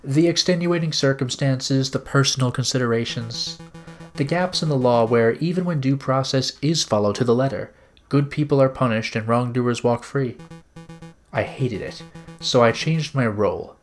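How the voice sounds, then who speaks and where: A man voicing a serious, measured male prosecutor in a game, speaking slowly and thoughtfully. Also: medium pitch, faint music behind, natural voice.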